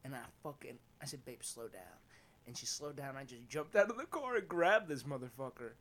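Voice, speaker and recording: A man from eastern Pennsylvania, a comedian guest on a podcast, telling stories in an animated, profane way and acting out the dialogue. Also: a little high, fairly quick. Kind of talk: casual chat.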